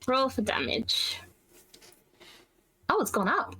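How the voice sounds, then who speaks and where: A woman's voice: sits high, big pitch swings, slow, bright, forceful tone, breathy edge, rough recording. A woman playing in a tabletop game, wry and groaning over bad rolls. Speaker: player. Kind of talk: casual tabletop game chat.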